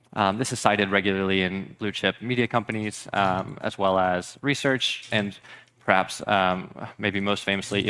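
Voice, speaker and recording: A man giving a measured, informative research talk on a conference stage. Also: fairly low pitch, a bit bright. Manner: measured, informative, slightly formal. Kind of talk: conference presentation.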